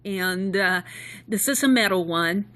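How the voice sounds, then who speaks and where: A woman's voice: mid-range voice, unhurried, fairly bright tone. A woman chatting casually into a hand-held phone, rambling along with little laughs. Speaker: vlogger.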